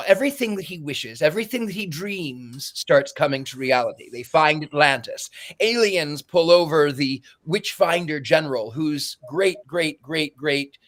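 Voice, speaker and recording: Rambling man recapping a plot, slightly high. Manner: rambling, stumbles and repeats words. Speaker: podcast host.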